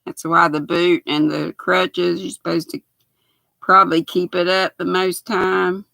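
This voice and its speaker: Older woman in her sixties, Southern US accent, raspy, folksy livestream chatter, bright tone, dry close sound. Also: lowish voice, level tone, measured pace, no room sound. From United States. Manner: chatty, folksy, reads viewer comments aloud. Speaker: knitting livestream host. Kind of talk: casual livestream chat. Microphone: built-in laptop mic.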